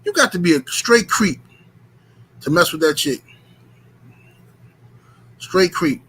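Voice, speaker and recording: A man casually telling a profane, rambling story to his stream chat, animated and full of filler words. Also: fairly high pitch, takes it slowly, slightly rough, poor audio.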